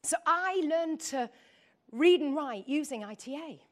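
A middle-aged woman from the north of England delivers a lively sermon, her voice sitting high and bright. She talks straight to the congregation, throws out questions and drifts into chatty personal asides. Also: a little slow. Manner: animated, asks the audience questions, chatty asides. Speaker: preacher.

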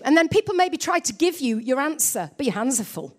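Animated high-pitched woman preaching. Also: a little fast. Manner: animated storytelling, dropping to low asides. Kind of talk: lively sermon.

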